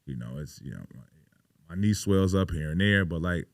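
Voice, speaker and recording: With a low, animated voice at normal speed, a thirties pro basketball player guests on a podcast, no echo in the recording. He tells his stories casually and emphatically, sprinkled with swearing and plenty of "you know."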